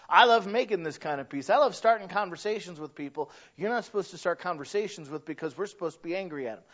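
Earnest high-voiced male preacher. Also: muffled recording. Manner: earnest, conversational, swings between emphatic and hushed. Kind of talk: sermon.

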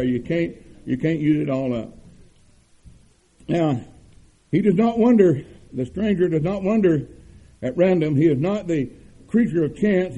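An older man preaches a sermon in a husky, very dark voice that sits slightly higher than most men. He leans on earnest repetitions and slows down to stress his key words. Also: low-quality recording. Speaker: pastor.

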